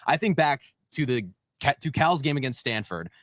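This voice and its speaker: A man's voice: medium pitch, moderate pace, no echo, clean studio sound. A young man co-hosting a college football show, talking with giddy enthusiasm. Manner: enthusiastic, excitable. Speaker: sports show co-host. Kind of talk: sports analysis chat.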